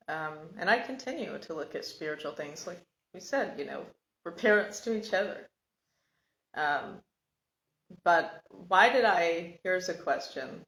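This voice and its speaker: A woman telling her own life story in a casual, reflective monologue, halting and searching for words. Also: lowish voice, fairly bright tone. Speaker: podcast host sharing personal story. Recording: echoey room.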